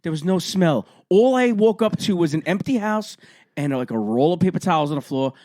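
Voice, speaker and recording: A man's voice: high-pitched, expressive, brisk, a little mellow, dry recording. A man in his thirties co-hosting a podcast, telling a profane story in casual chat into a close mic. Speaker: podcast co-host.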